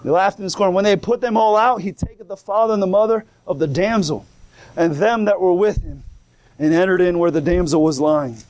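A man's voice: high voice, a little fast, darkish tone. A man preaching a sermon, reading old scripture wording and then explaining it in plain, colloquial talk, calling out praise as he goes. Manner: colloquial, repeats and restarts, calls out "come on now" and "glory".

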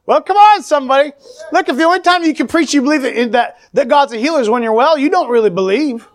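A man's voice: extremely high pitch, lively intonation, quick pace. A man preaching a fervent sermon to a congregation, calling out amen and praise the Lord.

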